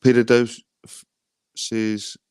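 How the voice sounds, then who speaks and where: A man's voice: mid-range voice, flat delivery, slow pace, a little mellow, clean tone, dry recording. A Scottish man of around forty hosting a casual livestream, rambling, swearing freely and greeting viewers as he reads their comments. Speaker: livestream host.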